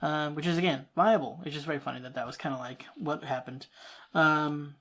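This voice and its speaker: A reaction-video host chatting loosely about a TV episode. The talk wanders and restarts itself, broken up by short laughs, in a middling voice that is neither high nor low. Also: fairly even intonation, fairly quick, a bit bright. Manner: rambling, restarts thoughts, laughs often. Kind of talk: casual reaction commentary.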